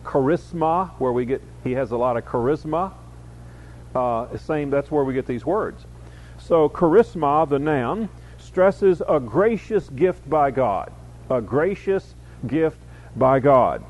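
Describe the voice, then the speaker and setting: A man's voice: mid-range voice, lively intonation, slow, darkish tone. Man teaching a Bible study lecture. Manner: explains word by word, reads verses aloud with emphasis, frequent fillers.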